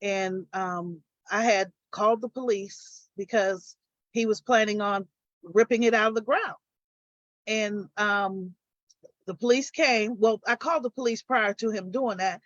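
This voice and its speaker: An older woman, a guest on a live stream, recounting her own story and getting animated as she retells arguments. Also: mid-range voice, measured pace, dry recording, highs cut off.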